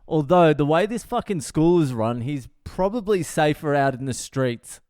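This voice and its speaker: A comedian hosting his own podcast, telling a story in a profane, wry, deadpan way with lots of swearing. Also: a little high, normal speed, clean tone, no room sound, studio quality. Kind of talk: comic storytelling monologue.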